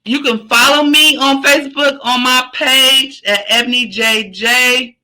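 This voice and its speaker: On a low-quality recording, a podcast host ends her show with an energetic motivational talk in a high, sharp voice that's a little slow and fairly even in intonation. She repeats her points over and over, preaches encouragement, and stays casual and slangy, occasionally swearing.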